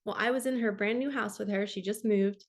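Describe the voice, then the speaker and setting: This forty-something spiritual coach talks fairly quickly at a medium pitch, her intonation mostly even. Addressing the camera, she gives a heartfelt personal testimony that grows tearful in places.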